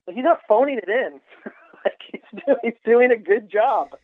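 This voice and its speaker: A man co-hosting a podcast, chatting with many fillers and halting restarts, often laughing. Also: very high voice. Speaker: podcast co-host. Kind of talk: casual chat. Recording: tinny phone-like line, dry.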